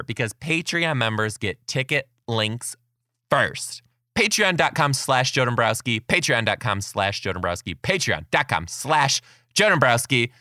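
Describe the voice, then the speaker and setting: Guy teacher doing his podcast, bright forceful voice, excitable and chatty, keeps laughing. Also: medium pitch, no room sound, studio quality. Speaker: podcast host and kindergarten teacher. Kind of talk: casual storytelling monologue.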